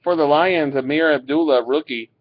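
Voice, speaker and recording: A man with a slightly high voice opens card packs at a normal speed, reading each card aloud. He's laid-back, laughing and swearing now and then, and his webcam mic gives the audio a dull, lo-fi quality.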